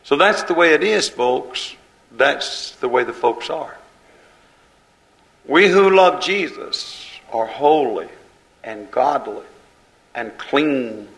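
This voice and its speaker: A preacher with a rough, gravelly voice delivers a fiery sermon in a hammering, repetitive cadence. His voice sits at an ordinary pitch for a man. He swings from loud, driving lines to low, hushed asides. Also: poor audio.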